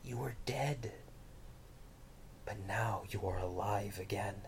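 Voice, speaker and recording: A preacher voicing a calm, kind man who speaks low, quiet and near-whispered. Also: slow pace, a little hiss or hum. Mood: gentle. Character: calm, gentle male healer, kind and joyful. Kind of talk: storytelling sermon.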